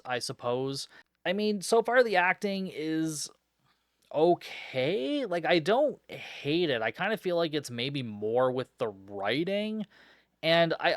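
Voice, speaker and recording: A young man hosts a podcast in a casual review chat, sounding sarcastic and fed up. His voice sits at a middling pitch. The recording is dry and close, with little room sound. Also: no room sound. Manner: sarcastic, exasperated, swears freely. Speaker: podcast host. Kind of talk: casual movie review recap.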